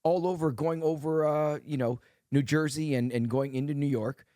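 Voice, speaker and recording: Rambling, excitable co-host man. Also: on the high side, normal speed, no echo, clean studio sound. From Wisconsin. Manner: rambling, excitable, restarts sentences. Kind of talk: casual podcast chat.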